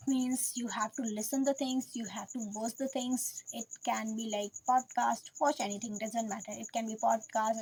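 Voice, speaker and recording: A woman's voice: fairly high pitch, a little mellow, slightly rough, poor audio. Earnest woman coaching learners. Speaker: English teacher. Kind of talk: casual spoken lesson to camera.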